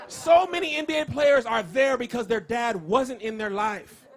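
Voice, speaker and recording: A man doing a stand-up comedy set, loud and animated, shouting his punchlines. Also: very high voice, moderate pace. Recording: live venue with crowd. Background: audience laughter.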